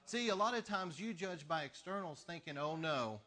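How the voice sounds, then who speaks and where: A pastor preaching a sermon, telling stories in an animated way with laughter between lines. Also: male voice, high voice, brisk.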